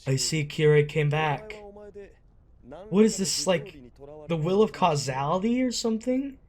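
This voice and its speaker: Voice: mid-range voice, lively intonation, measured pace, darkish tone. A young adult hosting an anime reaction video, gasping, exclaiming and swearing at the screen. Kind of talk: emotional reaction commentary.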